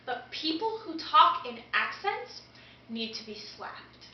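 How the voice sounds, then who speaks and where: High-voiced teen girl, echoey lo-fi room. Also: sing-song, slow pace. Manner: giggly, acts out quotes. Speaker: co-host. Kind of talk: casual chat. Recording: echoey room, distant mic, dull lo-fi.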